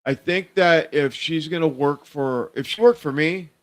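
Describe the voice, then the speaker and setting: A man's voice: a little high, a little slow. A man hosting a casual political livestream, rambling with lots of fillers and restarts. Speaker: livestream show host. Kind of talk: casual political talk show.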